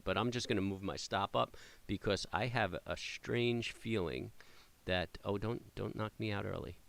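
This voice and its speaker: Casual male day trader with a deep, low voice, talking off the cuff through his trades, filler-heavy, excitable. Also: moderate pace, creaky, no echo. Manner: rambling, many fillers and restarts, excited cheering at the chart. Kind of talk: casual live trading commentary.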